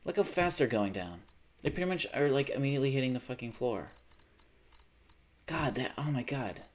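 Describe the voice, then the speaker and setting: A man streaming live, commenting on his own game, swearing and bursting into panic between low, self-critical mutters. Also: expressive, moderate pace.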